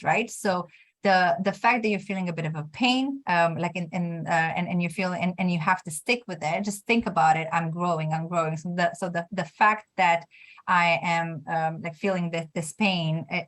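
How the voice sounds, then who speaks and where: Hesitant woman career coach, lowish voice. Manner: encouraging, hesitant, many restarts. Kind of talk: coaching session.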